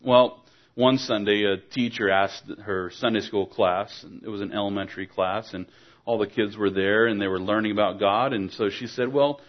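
A man preaching a sermon, earnest and exhorting, asking his listeners pointed rhetorical questions. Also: fairly low pitch. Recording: dull lo-fi recording.

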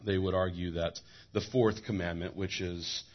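Man, pastor, sermon, low husky voice, animated, repeats words, dull lo-fi recording. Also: normal speed.

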